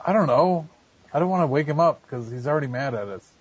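A man playing a tabletop game who talks in a hesitant, halting way. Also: on the high side, expressive, darkish tone, slightly rough. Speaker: player. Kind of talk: casual tabletop play. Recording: dull lo-fi recording with faint hiss.

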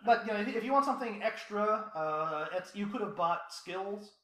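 A man's voice: sits high, expressive, moderate pace, sharp tone, roomy sound. A man running a tabletop role-playing game as game master, talking casually and wryly with many restarts. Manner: rambling, restarts, wry.

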